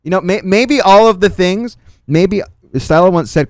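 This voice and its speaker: A man's voice: high voice, moderate pace, dry recording. Man, livestream commentary, sarcastic, swears a lot, mutters asides, dry sound. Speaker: streamer. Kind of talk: livestream commentary reading chat and posts.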